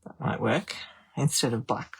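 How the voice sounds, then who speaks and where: A woman's voice: extremely low pitch, unhurried, slight background noise. A woman demonstrating card making on a live stream, chatting and thinking aloud as she decides. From Australia. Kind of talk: live crafting stream chat.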